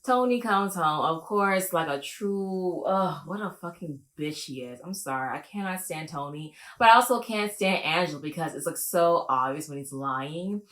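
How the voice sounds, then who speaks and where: A woman vlogger giving a casual, gossipy reaction to a show, profane and opinionated. Her low voice jumps up sharply whenever she gets excited. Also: normal speed, hardly any pauses. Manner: animated, with big pitch jumps. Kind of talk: reaction video commentary.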